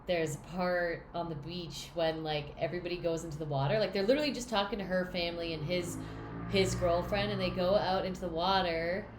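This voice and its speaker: A woman's voice: on the low side, steady tone, a little fast, echoey room, music in the background. A young woman co-hosting a book podcast, rambling and teasing as she retells scenes. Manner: rambling, teasing, restarts sentences. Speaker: podcast co-host. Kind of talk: casual book-club chat.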